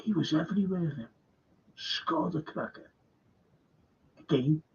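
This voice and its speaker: Over dull lo-fi stream audio, an older man runs a live fan stream, voicing viewer comments and answering them in a chatty manner. He speaks at a measured pace, his voice on the high side with a breathy edge.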